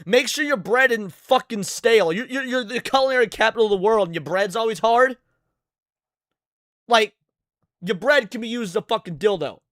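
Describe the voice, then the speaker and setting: A man rants over a clip as a reaction streamer, swearing hard and tripping over repeated words. His voice sits high, and the mic sounds close and dry with no room around it. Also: normal speed, a bit bright, dry recording. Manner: ranting, heavy swearing, stammering repeats. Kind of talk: profane reaction commentary.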